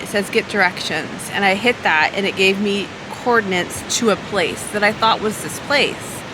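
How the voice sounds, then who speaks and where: A woman's voice: mid-range voice, normal speed, noisy background. Chatty woman vlogging by the ocean. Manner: chatty, animated, exasperated retelling. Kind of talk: casual vlog storytelling to camera. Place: outdoors by the ocean with waves. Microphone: handheld camera mic.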